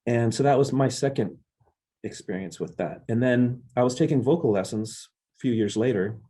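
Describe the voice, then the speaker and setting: A man's voice: mid-range voice, normal speed, mellow, breathy edge. A man, a drummer being interviewed, earnestly telling reflective stories about his music career. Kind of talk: casual interview storytelling.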